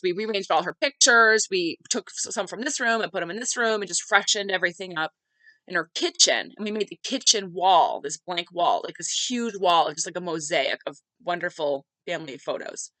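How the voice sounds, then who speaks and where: Bright-voiced woman telling a family story. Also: fairly low pitch, moderate pace, no echo, poor audio. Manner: conversational, heartfelt, many filler "like"s. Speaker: podcast host. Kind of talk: personal storytelling monologue.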